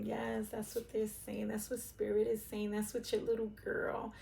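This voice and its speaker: A middle-aged woman reading tarot to camera, rambling and searching for words with many fillers, casual cussing and soft, emotional drops. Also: mid-range voice, completely flat delivery, moderate pace, vocal fry. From Puerto Rican, raised in Brooklyn and Philadelphia. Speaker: tarot reader.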